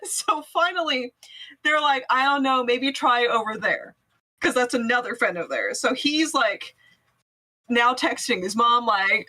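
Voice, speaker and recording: A woman's voice: sits high, animated, a little slow, bright, forceful tone, low-quality recording. A woman casually telling a spooky story to friends, laughing often and swearing freely.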